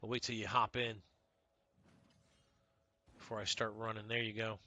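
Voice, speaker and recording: A man's voice: lowish voice, flat delivery, moderate pace, pushed and bright. A man streaming a video game, chatting casually and greeting viewers by name. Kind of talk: casual livestream chat while playing.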